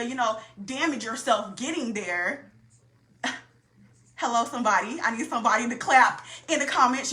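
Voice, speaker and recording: A young woman tells her story of faith in loose, casual chat, calling out to her listeners as she goes. Her voice sits a bit high and has a clear, bright edge. The room around her is roomy and echoey. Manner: animated, talks straight to listeners with "y'all". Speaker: faith podcast co-host.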